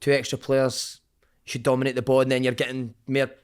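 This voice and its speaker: A Scottish man in middle age talks at a quick clip, full of stories. He swears freely, tacks "mate" onto most lines and keeps the energy up. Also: medium pitch, completely flat delivery, clear, resonant tone. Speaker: podcast guest, former footballer. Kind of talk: animated storytelling chat.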